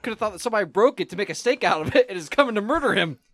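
Joking man, lively high voice. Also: no room sound. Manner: joking, quick reactions. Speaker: podcast co-host. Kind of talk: casual chat.

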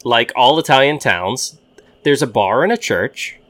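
A man co-hosting a podcast, telling a story in a casual, animated and amused way. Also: mid-range voice, unhurried. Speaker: podcast co-host. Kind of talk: casual chat.

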